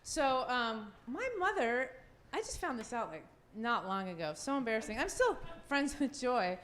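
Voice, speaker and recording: A woman in her fifties, a former goalkeeper, telling a lively story on a live panel, laughing often and acting out quotes. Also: a little high, moderate pace, a little hiss or hum. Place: event venue.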